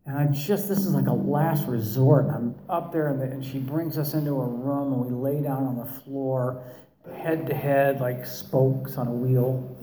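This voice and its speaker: A middle-aged man telling his recovery story to a meeting audience, with wry, self-mocking humor and halting restarts. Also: medium pitch, fairly even intonation, warm tone, roomy sound, a little hiss or hum, low-quality recording.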